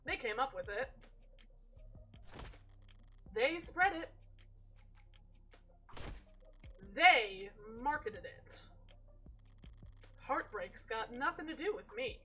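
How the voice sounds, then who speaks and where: Casting: woman reading as a composed female serial killer narrator, calm, wry, a little high in pitch. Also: soft background music, full character voice, low-quality recording. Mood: cold. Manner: calm, measured, wry and unbothered. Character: cool self-assured woman, a secret serial killer narrator. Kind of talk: reading a visual novel's narration aloud.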